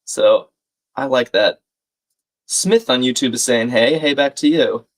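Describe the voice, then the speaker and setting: A man's voice: mid-range voice, a little slow. A man hosting a live crossword-solving stream, chatting casually, thinking aloud and reading out viewer comments. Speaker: livestream crossword host. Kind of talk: live puzzle-solving chat.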